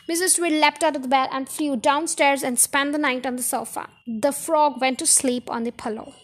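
A woman's voice: high voice, steady tone, normal speed. A woman reading a children's book aloud on a podcast, chatty, with asides and self-corrections. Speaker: podcast story reader.

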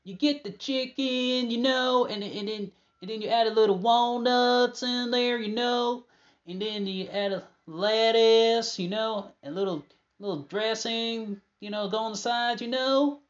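A man's voice: steady tone, a little slow, muffled recording. A man doing an impression of a rambling, folksy older man who keeps repeating fillers. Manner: meandering, high-pitched, loud.

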